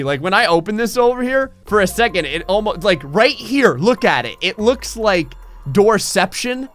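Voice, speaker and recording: A young man hosting casual gameplay commentary, telling rambling, animated stories while he plays. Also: high-pitched, normal speed, soft background music. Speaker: gaming channel host.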